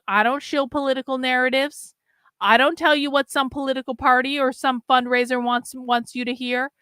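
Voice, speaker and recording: A woman hosting a casual livestream, a little drunk and chatting breezily. Her voice is bright, crisp and a touch high. It is recorded dry and close. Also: dry recording. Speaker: host.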